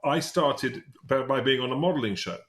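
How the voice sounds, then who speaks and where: A man in his fifties from Britain hosts a casual podcast interview. He talks in a chatty, meandering way at a middle pitch. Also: animated, moderate pace, fairly bright tone. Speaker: podcast host.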